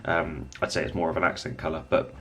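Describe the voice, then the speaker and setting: A man with a very low voice talks through a painting tutorial at home. He rambles a little and thinks aloud as he works. Faint music plays behind him. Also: fast. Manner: relaxed, rambling, thinks aloud while working. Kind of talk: casual hobby tutorial.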